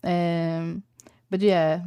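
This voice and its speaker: A woman's voice: on the low side, level tone, very slow, dark tone, smooth, no echo. A young woman from Sweden, chatting casually and rambling to her stream audience with lots of fillers.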